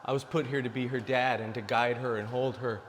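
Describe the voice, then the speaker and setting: A man in his forties talking straight to camera, blunt and preachy as he lectures his male viewers. His medium-pitched voice rings with a long reverb, and a faint hum of ambience sits behind him. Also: steady tone, a little fast. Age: 40s. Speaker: dating advice vlogger. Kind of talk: casual direct-to-camera monologue.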